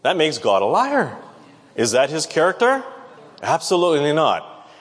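A man preaching a Bible lesson, talking conversationally and asking the audience questions. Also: on the high side. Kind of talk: Bible teaching sermon. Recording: long reverb of a large hall.

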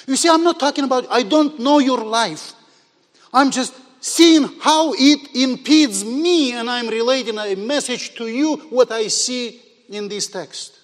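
A man with a high voice preaches slowly in English, which is not his first language. He drops to near-murmurs, then rises into loud, emphatic stretches. His voice rings with long reverb in a church hall. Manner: swings between quiet musing and loud emphatic bursts. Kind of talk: sermon.

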